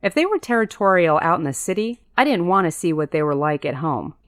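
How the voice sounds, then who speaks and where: A woman with a fairly low voice reads a first-person audiobook. The sound is dry and close, with no room around it. She lifts her pitch to voice the characters in dialogue. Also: expressive, a little fast, dry recording. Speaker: audiobook narrator.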